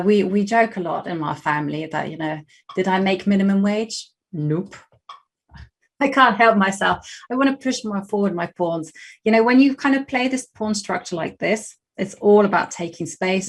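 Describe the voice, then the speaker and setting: A young adult woman with a West London English accent, chatting casually and laughing often while she plays chess on a live stream and thinks aloud. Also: medium pitch. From England.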